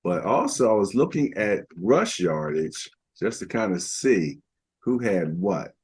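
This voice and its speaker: A man's voice: deep voice, very animated, a little slow, husky. An older man co-hosting a casual football podcast, rambling through stats with lots of fillers. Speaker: podcast co-host. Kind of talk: casual sports talk.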